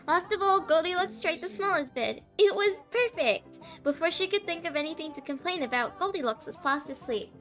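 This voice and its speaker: A high-voiced woman reads a fairytale aloud to her stream, giggling often and tripping over words. Faint music plays quietly under her voice. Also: expressive, brisk, few pauses. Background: faint background music.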